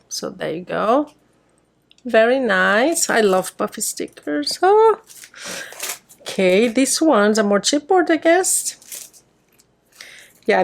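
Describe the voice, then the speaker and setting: A woman's voice: mid-range voice, vocal fry. A woman hosting a crafting channel, chatting casually and enthusiastically as she unboxes a card kit. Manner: enthusiastic, gushing over crafting supplies.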